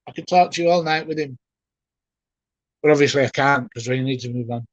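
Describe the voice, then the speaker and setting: A man working as a spiritualist medium, giving a live reading in a gentle, halting, often emotional way while softly reassuring the person he addresses. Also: medium pitch, no room sound, lo-fi sound.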